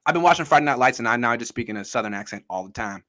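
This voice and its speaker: A man's voice: medium pitch, expressive, very fast, pushed and bright. A man hosting a casual sports podcast, talking in an emphatic, jokey way and repeating himself for effect. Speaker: podcast host.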